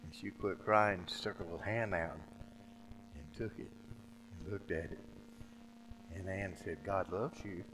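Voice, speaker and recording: A man's voice: deep voice, fairly even intonation, measured pace, pauses often, background noise. A man preaching a sermon in a folksy, plainspoken storytelling way, often restarting his words and calling listeners friend.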